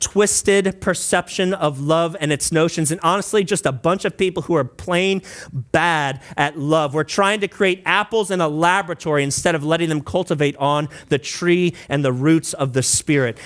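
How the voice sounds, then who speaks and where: A male pastor delivers a sermon in a high, light voice. He talks casually and conversationally, throwing in asides and prompts to the congregation. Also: a bit bright. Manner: breaks into singing and playful mock voices.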